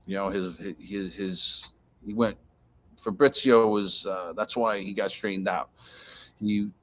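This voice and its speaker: A man's voice: lowish voice, steady tone, measured pace. A man telling stories in casual talk, profane and rambling, with many restarts. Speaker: guest storyteller. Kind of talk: casual chat.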